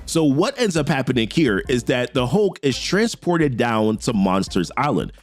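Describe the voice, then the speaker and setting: A man's voice: medium pitch, big pitch swings, moderate pace. A man hosting a casual comic book recap, telling the story with slang asides and reading the characters' lines aloud.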